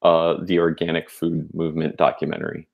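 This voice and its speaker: A young adult man co-hosts a podcast in a casual, rambling chat full of fillers and restarts. His voice is extremely low with vocal fry, delivered completely flat and a little fast, and the highs are cut off.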